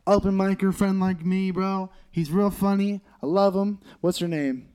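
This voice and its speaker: A man's voice: sits high, normal speed, clear, resonant tone. A young man hosting a casual comedy podcast, telling stories animatedly with lots of swearing. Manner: animated storytelling with frequent swearing and laughs. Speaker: podcast host.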